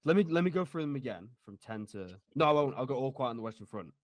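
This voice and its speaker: A man's voice: medium pitch, lively intonation, fast, no echo. A man co-hosting a casual movie podcast, scattered and swearing as he ranks films. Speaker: podcast co-host. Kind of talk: casual movie-ranking chat.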